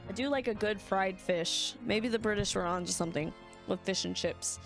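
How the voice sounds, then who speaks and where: A woman's voice: mid-range voice, normal speed, creaky, soft background music. A woman streaming a video game, chatting casually and playfully, with a sore throat. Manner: chatty, playful, laughs often.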